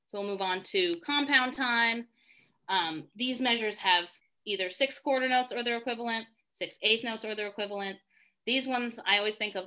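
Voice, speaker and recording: A woman leads an online singing lesson over a video call, her voice a touch high and very bright and forward. She talks in a chatty, self-deprecating way and thinks aloud as she explains. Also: moderate pace. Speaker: singing teacher. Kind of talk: live online music lesson.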